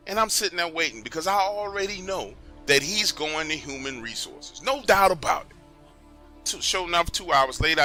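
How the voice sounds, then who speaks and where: A man narrating a true story in the first person, in a conversational, animated way. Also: fairly high pitch.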